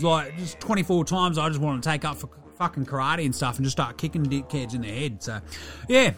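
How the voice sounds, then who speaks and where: Brief: a man playing a young bogan Aussie hoops player, broad accent, sweary rambling, pitched up high. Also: fairly bright tone. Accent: broad Australian. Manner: rambling, swearing, slangy, cheeky. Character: crude laid-back young male Aussie basketballer.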